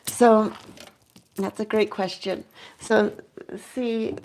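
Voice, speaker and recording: A woman's voice: mid-range voice, steady tone, very slow, heavy background noise. Chatty, enthusiastic woman talking to viewers. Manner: chatty and enthusiastic, many fillers; imitates owl hoots. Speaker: owl keeper and vlogger. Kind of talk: casual chat to viewers.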